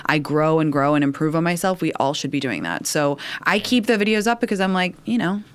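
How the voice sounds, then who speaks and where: A woman's voice: deep voice, a little fast, clean tone. A woman raised in England who now talks with a Valley girl accent, chatting animatedly as a podcast guest and peppering her stories with "like.". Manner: chatty, animated storyteller, frequent "like". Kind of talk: casual chat.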